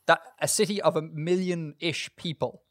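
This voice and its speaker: An Irish man co-hosting a podcast, chatting in a lively way, laughing easily and explaining things for listeners. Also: fairly high pitch, moderate pace, dry recording, clean studio sound. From northwest of Ireland. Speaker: podcast co-host. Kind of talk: casual chat.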